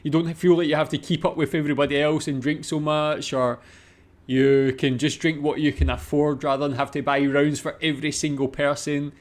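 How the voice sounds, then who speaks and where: A Scottish man hosting a casual reaction video, repeating foreign words slowly and chatting between them. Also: a little high, level tone. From Scotland.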